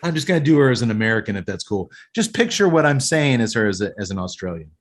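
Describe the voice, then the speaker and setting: A man in an average pitch talks eagerly through a movie on a casual podcast. He retells the scenes and mixes in his own opinions as he goes. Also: very animated, fast. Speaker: podcast host. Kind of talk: casual film recap and review chat.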